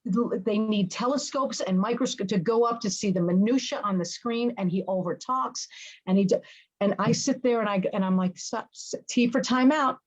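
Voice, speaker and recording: A woman in her fifties, a business trainer guesting on a podcast, talking in a lively and dramatic storytelling way. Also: medium pitch, normal speed, poor audio. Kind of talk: casual interview talk.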